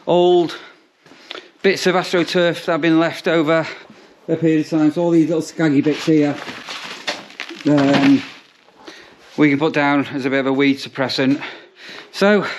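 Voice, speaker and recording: Chatty campsite warden. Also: male voice, fairly high pitch, muffled recording. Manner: chatty, rambling, lots of ums and restarts. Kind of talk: casual vlog narration. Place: outdoors at a campsite.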